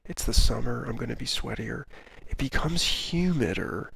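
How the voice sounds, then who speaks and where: A man's voice: mid-range voice, lively intonation, normal speed, vocal fry, background noise. A man streaming a video game in a casual, rambling, self-deprecating chat with jokey asides. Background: video game music.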